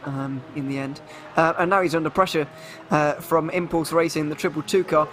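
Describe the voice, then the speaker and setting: A man commentating a live sim race, chatty and quick to laugh. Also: on the high side, fairly even intonation, fairly bright tone, faint music behind. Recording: background noise under commentary.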